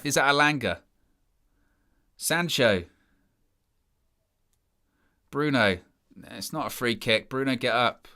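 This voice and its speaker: Bright-voiced exasperated football fan. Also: male voice, medium pitch. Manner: exasperated, sarcastic fan ranting about his team. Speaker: fan channel presenter. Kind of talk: live match watchalong commentary.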